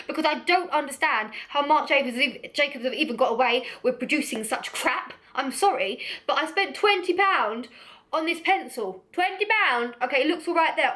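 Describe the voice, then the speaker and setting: Young woman, blunt and chatty, high-pitched, vlog review. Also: bright, forceful tone. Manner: chatty, blunt, laughs often. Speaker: beauty vlogger. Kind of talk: casual product review.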